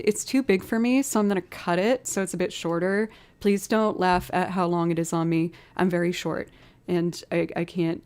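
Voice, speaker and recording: A young woman musician chats casually on a live stream, telling stories and reading out donations as she thanks viewers. Her voice sits fairly low and has a slightly mellow quality.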